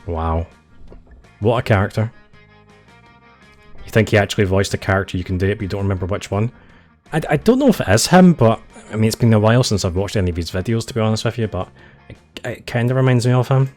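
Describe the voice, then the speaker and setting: A man's voice: on the low side, expressive, fast, pauses often, darkish tone, faint music behind. A man streaming a game, reading its narration with wry, chatty asides. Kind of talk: game playthrough commentary.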